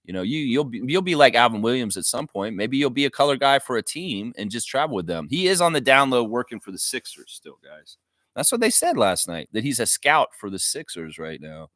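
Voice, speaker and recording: A man's voice: mid-range voice, very animated, fairly quick, a bit bright, no echo, clean studio sound. A man hosting a live fan reaction stream, talking casually with strong opinions and reading viewer comments aloud. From United States and Canada. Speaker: fan show host.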